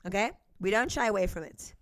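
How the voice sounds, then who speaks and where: A woman's voice: mid-range voice, animated, fairly quick, a little hiss or hum. A South African woman with a South African accent, talking to the camera with emphatic, repeated checks of "okay?". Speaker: YouTube commentator. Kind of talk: direct-to-camera commentary.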